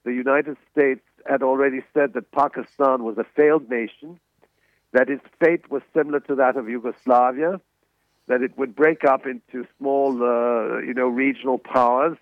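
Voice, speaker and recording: A man's voice: medium pitch, steady tone, dry recording. Older man on a tinny phone line. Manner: halting, many restarts and fillers. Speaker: interview guest, author and emeritus economics professor. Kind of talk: radio interview answers.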